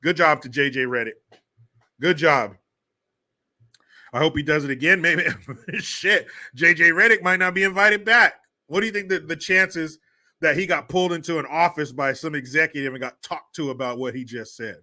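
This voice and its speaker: A man's voice: on the high side, moderate pace, bright, forceful tone. A man hosting a livestream, ranting in profane, mocking commentary. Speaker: livestream host.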